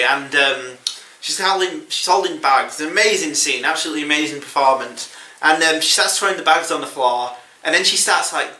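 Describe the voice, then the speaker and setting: Film podcast host, male, slightly high, rambling chatty delivery with frequent chuckles. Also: bright, forceful tone, echoey room, far from the mic. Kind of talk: casual chat.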